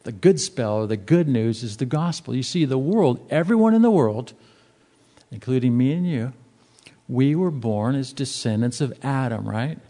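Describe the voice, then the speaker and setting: A man's voice: medium pitch, lively intonation, moderate pace, dark tone. A man preaching a sermon in a conversational, emphatic way. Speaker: pastor.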